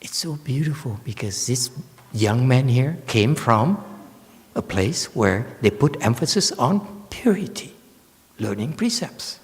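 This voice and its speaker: A man, a Buddhist monk giving a slow, joking dharma lecture with many fillers and teasing asides. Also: medium pitch, lively intonation. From United States. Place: temple lecture hall. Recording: long hall reverb.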